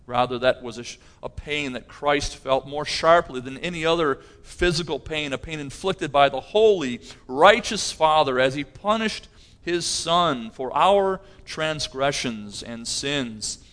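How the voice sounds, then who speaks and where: A man's voice: a little high, expressive, unhurried, fairly bright tone. A middle-aged pastor preaching a sermon, earnest, with his voice rising in intensity on key phrases.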